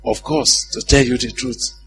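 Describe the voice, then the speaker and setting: A man's voice: mid-range voice, steady tone, moderate pace, faint music behind. A male preacher giving a conversational sermon, often putting questions to his congregation and laughing at his own stories.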